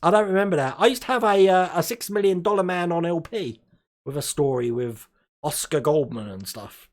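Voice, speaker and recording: A man's voice: sits high, expressive, fairly quick. A man from Australia hosting a casual live stream, chatting and laughing often and tripping over his words now and then.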